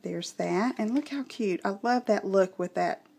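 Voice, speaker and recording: A woman's voice: medium pitch, a little slow, vocal fry, a little mellow, husky. A woman from Southeast Texas with a Southern accent, chatting casually through a card-making tutorial and thinking aloud as she works. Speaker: craft tutorial host. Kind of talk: casual craft demonstration.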